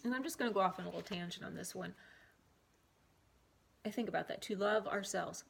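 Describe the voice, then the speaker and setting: Recorded on her camera mic, this vlogger recites self-help affirmations over and over before drifting into rambling side chatter. She speaks briskly in a medium pitch, her voice creaky with a breathy edge.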